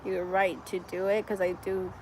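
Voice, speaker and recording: A woman's voice: on the low side, moderate pace, a little hiss or hum. A woman giving a live-streamed tarot reading, chatty and effusive, with lots of "like" and frequent laughs. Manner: gets excited and loud at good news. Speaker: tarot reader.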